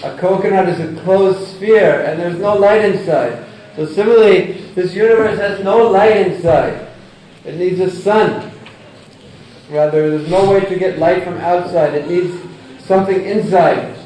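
A man's voice: high-pitched, dark tone. Man lecturing in an echoey hall. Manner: deliberate, chants Sanskrit verses, explains by example. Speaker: religious lecturer. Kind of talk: scripture lecture. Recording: echoey hall, distant mic, faint noise.

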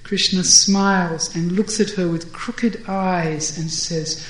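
A storyteller reading a devotional tale with measured, deliberate narration and brief commentary. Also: medium pitch, steady tone. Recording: roomy echo.

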